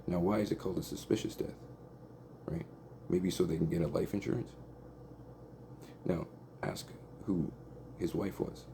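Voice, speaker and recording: A man's voice: low voice, fairly even intonation, normal speed, vocal fry, long pauses, dark tone, slight background noise. A man in a rambling, angry monologue, swearing a lot and saying "like" and "right?" constantly. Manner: agitated, profane, repeats "like" and "right?".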